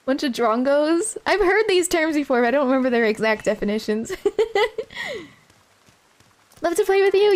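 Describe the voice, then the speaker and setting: A woman streamer chatting casually with her viewers while she plays a game, giggling often and sounding a little stuffy-nosed. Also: sits high. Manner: giggly, answers chat between game moments. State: stuffy nose. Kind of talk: casual live-stream chat while playing. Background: game music.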